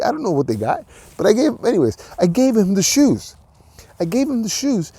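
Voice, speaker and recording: Rambling male podcast host with a dark voice. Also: sits high, wildly swooping pitch, brisk, husky, no echo. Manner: rambling, with frequent restarts and filler words; earnest and encouraging. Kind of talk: casual solo monologue.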